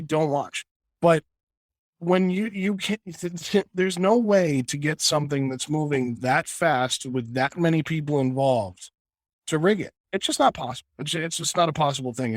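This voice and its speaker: A man co-hosting a casual sports podcast rants passionately, stumbling through many restarts as he argues his point. His voice is a little high, and there's no room sound.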